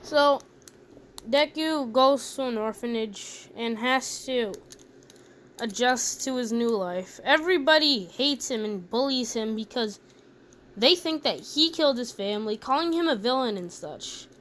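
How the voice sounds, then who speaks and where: Woman narrator, casual and rambling, slightly high voice. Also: animated, measured pace, fairly bright tone, a little hiss or hum. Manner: chatty, rambling asides. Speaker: fan storyteller. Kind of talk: casual fan-story narration.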